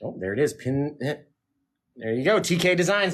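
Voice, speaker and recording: A man teaching a live painting lesson, excited and chatty with viewers, a bit teary and sniffly. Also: medium pitch, a little fast, husky. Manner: excited, talks to chat while painting. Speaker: painting instructor.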